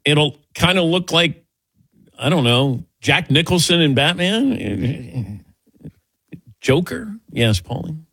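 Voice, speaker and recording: Lively husky middle-aged man. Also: a little high, slow, dry recording, studio quality. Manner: rambling, self-mocking, animated storytelling. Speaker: guest answering audience questions. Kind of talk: casual Q&A.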